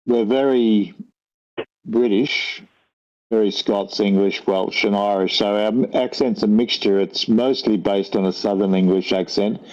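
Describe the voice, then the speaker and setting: A man's voice: fairly low pitch, a little mellow. An older man from Australia with an Australian accent, chatting casually in a rambling, thoughtful way and correcting himself as he goes. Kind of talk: casual conversation. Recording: dull lo-fi audio.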